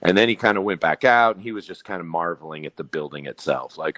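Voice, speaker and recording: A man's voice: deep voice, fairly quick, dry recording. A man on a podcast, telling a story in casual chat and acting out the people he quotes. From Billings, Montana. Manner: animated, acts out quoted people.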